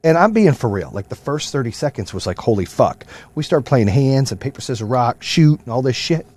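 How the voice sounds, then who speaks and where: A man's voice: mid-range voice, very animated, fairly quick, a little mellow, slightly rough. A middle-aged man hosting his own podcast, ranting with heavy swearing in a fired-up motivational style. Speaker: podcast host. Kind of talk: profane motivational rant.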